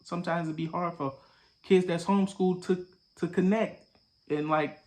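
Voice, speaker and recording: A young man hosting a podcast, casually reacting to a viral video with profane, animated commentary that swings between loud bursts and low mutters. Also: normal speed.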